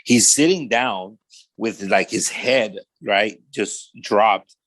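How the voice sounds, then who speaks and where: Speaking slowly in a voice on the low side, a pastor shares his personal testimony on a podcast. He is an animated storyteller who voices the people in his story, using casual street slang and saying "man" a lot.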